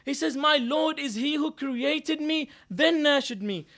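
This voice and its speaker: Impassioned high-voiced preacher. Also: male voice, a little slow. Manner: impassioned, swings between loud declaiming and quiet storytelling; quotes Arabic verses. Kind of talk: sermon. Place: mosque gathering hall.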